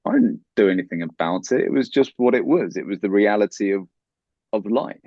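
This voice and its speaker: A man's voice: on the low side, lively intonation, fairly quick, dry recording. A man talking as a guest in an interview, earnest and giving advice. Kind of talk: conversational interview. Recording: dull, lo-fi, dry sound.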